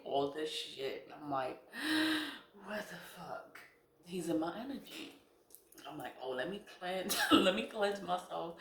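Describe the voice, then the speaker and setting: Middle-aged woman, casual confessional storyteller: blunt, profane, quick to laugh; echoey room. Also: deep voice, a little hiss or hum. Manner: blunt and candid, swears freely, laughs between lines. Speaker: spiritual content creator. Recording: roomy echo.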